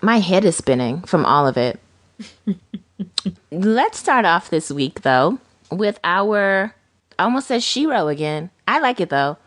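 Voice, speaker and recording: A woman with a low voice co-hosts a casual podcast. She tells stories in an animated way and acts out the people she quotes. Her voice sounds close and dry, with no room echo. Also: a little slow. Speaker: podcast co-host. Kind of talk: casual chat.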